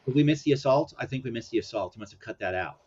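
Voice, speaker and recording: A man's voice: medium pitch, lively intonation, rapid-fire, darkish tone, breathy edge. A man hosting a casual commentary chat, chuckling often and meandering with fillers. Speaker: host. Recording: dull lo-fi sound.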